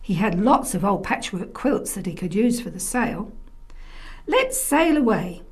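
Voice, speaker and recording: A woman storyteller narrating a children's tale, expressive and often dropping to a soft whisper. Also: medium pitch, moderate pace. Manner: softly whispered in places, expressive.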